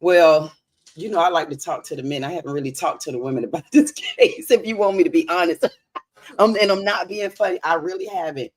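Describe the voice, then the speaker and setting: A woman's voice: on the low side, brisk, a little hiss or hum. A woman on a livestream panel speaking candidly and reflectively about her opinion. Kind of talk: casual panel discussion.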